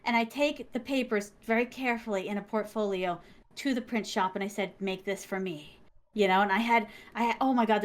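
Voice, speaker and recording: A woman guest telling a heartfelt, excitable story, acting out the people she quotes and laughing often. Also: on the high side. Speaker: interview guest, manga creator. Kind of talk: animated storytelling.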